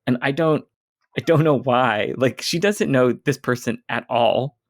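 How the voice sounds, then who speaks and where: Male co-host, amused and explanatory, casual podcast; average pitch, dry sound. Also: measured pace, no echo. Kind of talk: casual book discussion.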